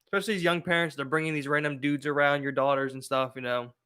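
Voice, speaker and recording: A man's voice: fairly high pitch, fairly even intonation, fast talker, pushed and bright, clear, resonant tone. A man with a Baltimore accent, co-hosting a casual podcast, talking in loose, trailing sentences full of "you know.". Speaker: podcast co-host.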